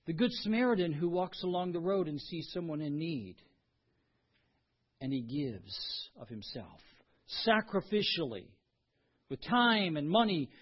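A man preaching a sermon as pastor, earnest, dropping to quiet lows and then rising with emphasis. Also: husky. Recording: dull lo-fi sound.

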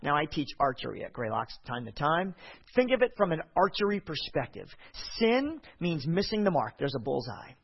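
A man preaching a sermon, reading scripture aloud and acting out the voices with an expressive delivery. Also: fairly high pitch, moderate pace, gravelly, slightly rough, lo-fi sound.

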